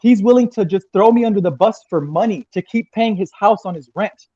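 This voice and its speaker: A man's voice: high-pitched, fairly quick, dark tone, dry recording, lo-fi sound. A man guest on a livestream, talking in a rambling, agitated and profane way, repeating himself as he speaks. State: crying. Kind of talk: emotional livestream interview.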